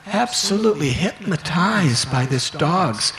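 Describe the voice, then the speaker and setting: A monk in his sixties narrates a sacred tale at an unhurried pace, acting out its characters as he goes. His voice is bright and forward, with a faint hiss of background noise. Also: on the high side. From United States. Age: 60s. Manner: expressive, acts out characters. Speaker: monk giving a talk. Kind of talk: devotional storytelling.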